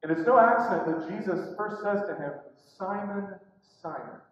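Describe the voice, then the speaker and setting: A man preaching a sermon from a church, dramatic and theatrical, acting out the voices he quotes and swinging between loud bursts and hushed, low passages. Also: a little fast. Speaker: pastor. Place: church sanctuary. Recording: echoey church hall, far from the mic, dull.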